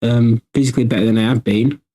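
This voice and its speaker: A man's voice: mid-range voice, steady tone, fast, dark tone, low-quality recording. A man hosting a livestream workshop, chatting casually and thinking aloud with frequent restarts.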